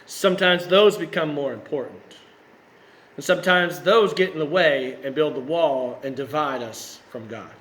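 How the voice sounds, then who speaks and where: A man's voice: on the high side, moderate pace, a bit bright. A man preaching a sermon in a conversational way, tossing in rhetorical questions. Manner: conversational, with rhetorical asides and self-corrections.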